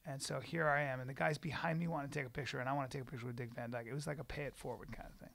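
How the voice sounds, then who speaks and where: A man's voice: mid-range voice, fairly even intonation, rapid-fire, gravelly, a bit bright. A man co-hosting a podcast, chatting casually in a profane, rambling, self-mocking way. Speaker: podcast co-host.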